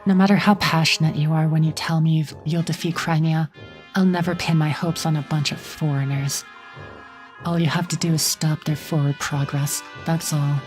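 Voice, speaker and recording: A woman plays a cruel woman general from a fantasy game, sneering and contemptuous. The voice sits on the low side and drips with scorn. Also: little pitch movement, normal speed, a little mellow, faint music behind, close to an everyday voice. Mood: scornful. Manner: contemptuous, taunting.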